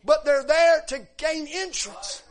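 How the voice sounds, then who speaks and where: A man preaching a sermon, moving between relaxed storytelling and shouted, drawn-out exhortation, dropping in frequent amens. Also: extremely high pitch.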